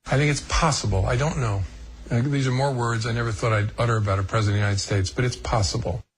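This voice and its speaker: A man giving slow, deliberate answers in a television interview. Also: mid-range voice, steady tone, slight background noise. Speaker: interviewee in a broadcast clip.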